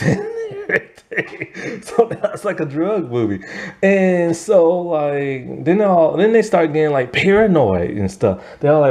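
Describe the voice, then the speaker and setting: A man's voice: mid-range voice, darkish tone. A man casually recapping a movie plot, laughing as he acts out the characters' lines. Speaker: movie reviewer.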